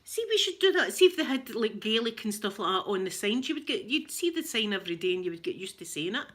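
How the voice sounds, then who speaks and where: A Scottish woman with a rough voice, chatting casually and laughing as she tells stories to viewers on a live stream. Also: mid-range voice, very animated, fast, a bit bright. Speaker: livestream host chatting with viewers.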